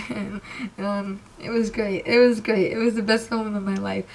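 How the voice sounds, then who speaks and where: A young woman telling an excited, rambling storytime about meeting her idols, emotional and close to tears. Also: medium pitch, normal speed, vocal fry. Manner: gushing, rambling, says literally a lot. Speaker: vlogger.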